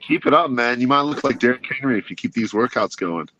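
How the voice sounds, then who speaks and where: Co-host, male, bright forceful tone, dull lo-fi audio, laid-back. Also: mid-range voice, animated, fast talker, a little hiss or hum. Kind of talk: casual chat.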